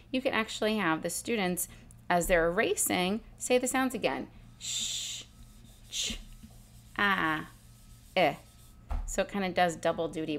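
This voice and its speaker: A woman teacher calmly explaining a spelling exercise step by step, sounding out letters and sounds as she goes. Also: lowish voice. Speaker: literacy teacher. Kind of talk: instructional demonstration.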